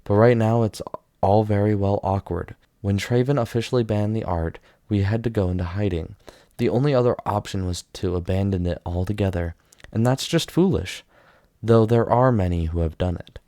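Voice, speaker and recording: A man reading the part of a stoic, matter-of-fact male necromancer in a calm tone. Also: lowish voice, normal speed, no echo, clean studio sound, lightly acted.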